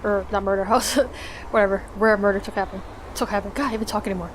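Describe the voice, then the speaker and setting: A woman's voice: medium pitch, fairly even intonation, fast talker, slight background noise. A woman casually commenting on a game she plays, reacting with swearing and laughter. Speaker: let's play gamer.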